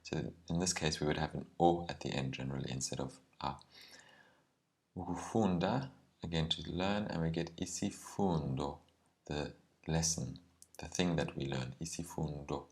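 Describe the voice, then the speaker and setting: A man teaching a language lesson, explaining words carefully and sometimes slowing down to spell out meanings. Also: rumbling low, a little mellow. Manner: careful and explanatory, with some ums and slowed words.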